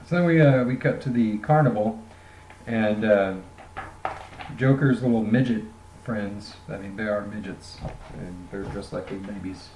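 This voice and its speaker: A man's voice: lowish voice, moderate pace, a little mellow, slight background noise. A man casually reviewing a graphic novel, rambling and joking with lots of fillers. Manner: rambling, jokey, many fillers. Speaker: comic book reviewer. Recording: roomy echoey room.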